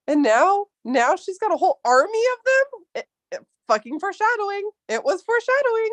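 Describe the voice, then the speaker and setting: A woman in her thirties with a high, bright-sitting voice tells loose, swear-filled stories in casual podcast chat. The sound is dry and close, with no room around it. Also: sing-song, brisk, dry recording. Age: 30s. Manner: profane, rambling storytelling.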